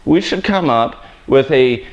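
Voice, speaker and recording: A man's voice: medium pitch, lively intonation, measured pace, dull audio. A man hosting a live haircutting tutorial, joking and rambling in a self-deprecating way while he cuts. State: sweaty. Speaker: hairstylist host. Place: hair salon education studio.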